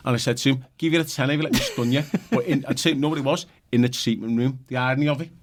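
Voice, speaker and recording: A man's voice: mid-range voice, racing. A middle-aged man, a podcast guest telling rambling, sweary anecdotes full of "you know what I mean". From Liverpool, England. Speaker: podcast guest, former goalkeeper. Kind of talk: casual storytelling chat.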